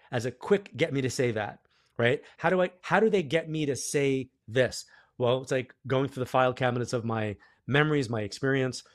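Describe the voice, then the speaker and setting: A middle-aged man, a guest on a podcast, who tells stories in a casual, animated way and acts out the quoted dialogue. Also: medium pitch, dry recording, clean studio sound. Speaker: guest psychic medium. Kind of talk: casual storytelling interview.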